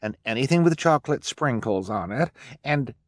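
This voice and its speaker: Affected rich woman rambling lists, man doing the voice, slow drawl, pitched way up. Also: expressive, dry recording, close to an everyday voice. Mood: airy, vain. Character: vain fashion-obsessed rich woman.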